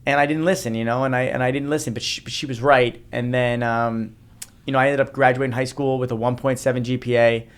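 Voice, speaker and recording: Podcast guest, man in his thirties from New Jersey, rapid earnest storytelling, mid pitch. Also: fairly even intonation, clean tone. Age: 30s. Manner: earnest, repeats himself, frequent restarts. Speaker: guest, motivational speaker. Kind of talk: personal storytelling in a podcast interview.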